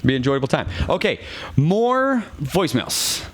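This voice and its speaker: A man's voice: fairly high pitch, very animated, moderate pace. A man hosting a live podcast show, talking in a casual, upbeat and chatty way. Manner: chatty, upbeat, self-correcting. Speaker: podcast host.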